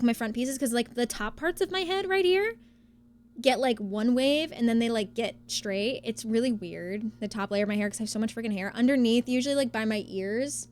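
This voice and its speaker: A young woman talks loosely to her stream, circling back on herself with fillers and restarts. Her voice sits a little on the high side. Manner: rambling, chatty, many fillers and restarts. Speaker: livestreamer. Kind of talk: casual live-stream chat.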